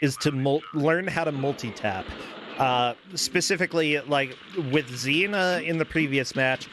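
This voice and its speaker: A man's voice: fairly high pitch, measured pace, fairly bright tone, slight background noise. Chatty man commentating a game race. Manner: chatty, laughs easily, joking. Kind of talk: casual live game commentary.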